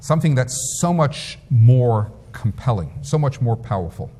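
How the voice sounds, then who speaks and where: A rabbi delivering a sermon, telling stories with emphatic, lively delivery. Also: male voice, mid-range voice, measured pace. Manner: storytelling, emphatic. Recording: long reverb.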